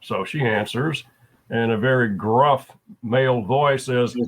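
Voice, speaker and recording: A man's voice: mid-range voice, slow, a bit bright, low-quality recording. A man talking as a guest, telling a story at an easy pace with frequent fillers. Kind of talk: casual conversation.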